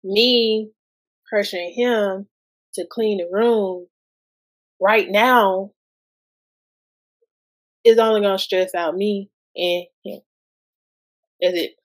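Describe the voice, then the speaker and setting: Slow-talking woman podcast host. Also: medium pitch, rough recording. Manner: conversational, rhetorical questions, loose everyday grammar. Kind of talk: casual parenting talk.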